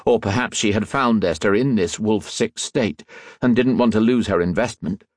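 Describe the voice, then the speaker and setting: With a voice sitting on the low side, a man narrates an audiobook in measured, expressive storytelling fashion. The studio sound is clean and free of any room sound.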